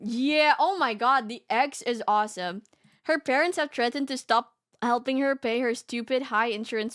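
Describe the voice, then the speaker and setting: High-pitched giggly woman streamer. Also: no echo, studio quality. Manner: giggly and animated, often breaks into laughter. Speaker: VTuber streamer. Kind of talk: casual reaction stream, reading a story aloud.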